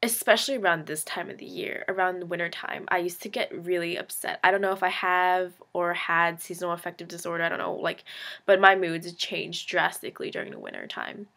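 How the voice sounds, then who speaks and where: Brisk and creaky, her lowish voice sharp in tone and fairly flat in intonation, a young vlogger in her late teens rambles through a casual confessional. She fills it with "like," mocks herself, and tosses in blunt, sarcastic asides.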